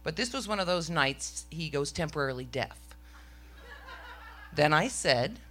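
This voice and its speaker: A woman's voice: low-pitched, animated, measured pace, long pauses, a bit bright. A middle-aged woman telling a story on stage to a live audience, with a wry, self-mocking comic delivery.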